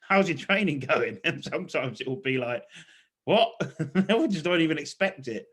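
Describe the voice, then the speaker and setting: A man's voice: a little high, expressive, moderate pace, fairly bright tone, breathy edge. A man co-hosting a casual podcast chat, rambling, swearing and laughing often. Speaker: podcast co-host.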